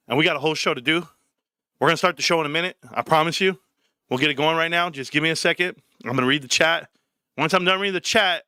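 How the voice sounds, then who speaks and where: Male stream host, loose and profane, bright and lively, bone-dry sound. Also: fairly high pitch, no echo. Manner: animated, profane banter with chat. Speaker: livestream host. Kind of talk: casual livestream chat.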